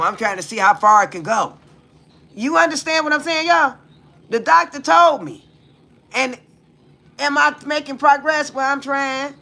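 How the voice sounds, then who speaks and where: A woman's voice: on the low side, pushed and bright. A middle-aged woman talking frankly to her live viewers in a rambling, profane, confessional way, often checking if they hear her. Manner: blunt and profane, keeps asking viewers "you hear me?"; loose, rambling, with repeated fillers. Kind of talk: casual confessional live chat.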